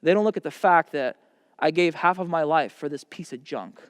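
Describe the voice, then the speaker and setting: A man with a slightly high voice gives a seminar talk to young people at a camp, speaking at normal speed in a conversational, emphatic way and acting out imagined dialogue. There's no room sound, yet the audio has a big-room quality.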